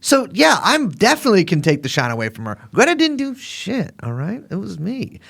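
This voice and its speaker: Chatty guy podcast cohost, kinda high voice, bouncing all over, rambly with lots of ums. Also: a little fast, vocal fry. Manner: animated, rambling, lots of fillers. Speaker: podcast co-host. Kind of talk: casual podcast chat.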